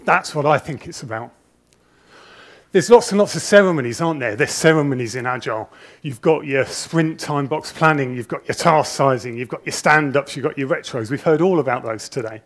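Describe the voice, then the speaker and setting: A man in a slightly higher register than most men delivers a conference talk from an auditorium stage, speaking into a handheld mic. He sounds a little nervous, chatty and self-deprecating, and often restarts his sentences as he tells his stories. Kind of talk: conference presentation, anecdotal storytelling.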